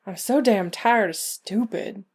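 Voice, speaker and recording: A woman's voice: mid-range voice, a little slow, husky. A woman voicing an older rural witch, blunt, folksy and dryly grumbling, tired of endless fights. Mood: weary. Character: weary, sharp-tongued old rural woman witch.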